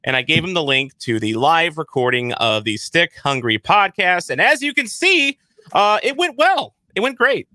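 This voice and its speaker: A man's voice: a little high, big pitch swings, normal speed, pushed and bright, dry recording. A man hosting a casual podcast, rambling and self-deprecating, often stumbling and repeating words. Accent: St. Louis. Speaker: podcast host.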